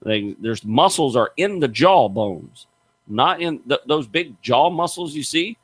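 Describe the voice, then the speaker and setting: A man's voice: a little high, measured pace, husky. A middle-aged man hosting a radio show, telling stories in a folksy, emphatic way. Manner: animated storyteller, folksy and emphatic. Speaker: radio show host, gator hunter. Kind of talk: casual radio chat, storytelling.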